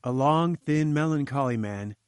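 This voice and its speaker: A man reading scripted narration of a classic adventure story in a measured, clear storytelling manner. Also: mid-range voice, no room sound. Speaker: audiobook narrator.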